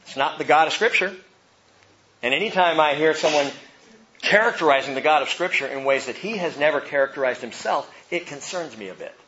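A middle-aged man delivers a sermon in a bright, fairly high voice. He tells stories with wide swings from hushed to loud, and the recording sounds dull and lo-fi. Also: expressive, a little fast, a little hiss or hum. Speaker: pastor.

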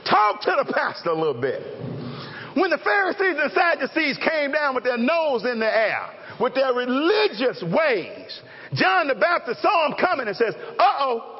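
A male pastor preaches in a high voice that swoops all over. He jokes and calls out to his congregation. The recording is dull and lo-fi, with a long hall echo. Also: moderate pace. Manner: lively, joking, calls out to the congregation. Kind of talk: sermon. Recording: echoey hall, dull lo-fi sound.

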